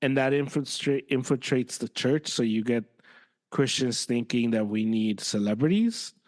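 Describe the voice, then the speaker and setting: A man co-hosting a podcast in casual chat, animated and given to sudden jumps in pitch when exasperated. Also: moderate pace. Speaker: podcast co-host.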